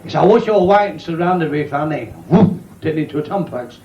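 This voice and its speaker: A man's voice: a little high, expressive, fairly quick, lo-fi sound. A man telling crude jokes and bantering cheekily with the crowd at a club. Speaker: club comedian. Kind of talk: bawdy stand-up joke telling. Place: pub or working men's club. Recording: echoey live club recording with loud crowd noise.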